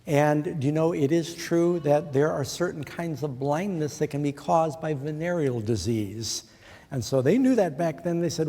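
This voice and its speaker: A man's voice: a little high, moderate pace, mellow. A middle-aged man preaching a sermon in an earnest way, putting questions to his listeners. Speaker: pastor. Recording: long hall reverb.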